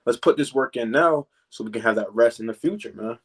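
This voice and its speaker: A man teaching from scripture in a relaxed preaching style, filling pauses with "man" and "you know" and reading verses slowly. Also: mid-range voice, husky. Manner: reads verses slowly and deliberately.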